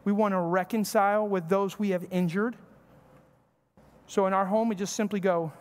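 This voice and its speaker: A man's voice: sits high, steady tone, moderate pace. Man preaching in a reverberant church. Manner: conversational preaching with acted-out family dialogue. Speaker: pastor. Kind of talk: sermon. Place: church sanctuary.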